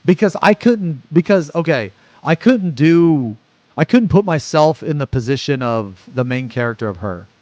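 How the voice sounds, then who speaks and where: A man in his forties, a streamer chatting casually and rambling excitedly with lots of swearing. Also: a little high, normal speed, no echo, highs cut off. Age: 40s. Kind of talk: casual live-stream reaction chat.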